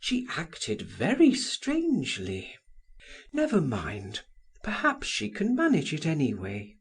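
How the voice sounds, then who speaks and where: A male narrator voicing a practical young wife who reports news quickly and matter-of-factly. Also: on the high side, huge pitch swings, breathy edge, voice pushed up, full character voice.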